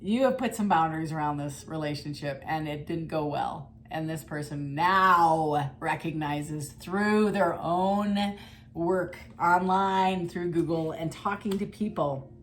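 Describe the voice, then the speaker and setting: A woman's voice: deep voice, measured pace, slight background noise. A middle-aged woman giving a casual tarot reading, chatty and blunt, with mild swearing. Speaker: tarot reader.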